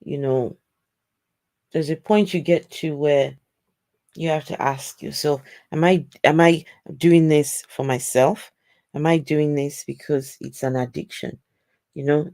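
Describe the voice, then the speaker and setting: Slow, measured commentary host. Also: mid-range voice, warm tone. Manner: measured, reflective, addresses viewers. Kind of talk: casual commentary.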